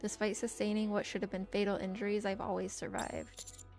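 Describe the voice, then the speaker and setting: A woman reading game dialogue aloud as a troubled young woman who cannot die, calm and earnest in her questions. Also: mid-range voice, brisk, gravelly, faint music behind, close to an everyday voice.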